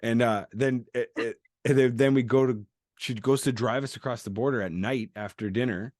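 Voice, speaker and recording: A man's voice: medium pitch, moderate pace, dry recording, clean studio sound. A man, a podcast host, telling a road-trip story in casual chat, swearing freely and acting out the people he met. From Canada. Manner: animated storytelling, acts out quoted people, swears a lot.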